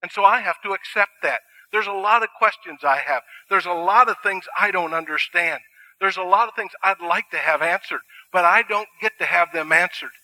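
Bright-voiced man preaching. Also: sits high, moderate pace, rough recording. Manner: earnest, conversational, with dry asides. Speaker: pastor. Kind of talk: sermon.

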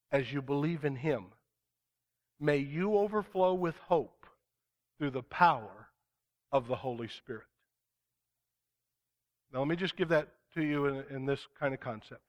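Earnest preaching man, fairly high voice. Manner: earnest, emphatic, slows down to stress key words. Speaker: pastor. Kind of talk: sermon.

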